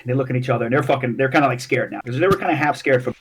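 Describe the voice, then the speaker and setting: A man's voice: mid-range voice, rapid-fire, hardly any pauses, faint music behind. A man running a tabletop game as dungeon master, narrating loosely with swearing and restarts.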